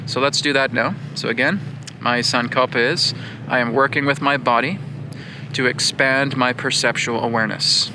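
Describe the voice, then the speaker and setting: Against a noisy background, a spiritual teacher gives an earnest lesson at a normal speed in a steady, medium-pitched voice. He repeats his points and often checks in with his listeners.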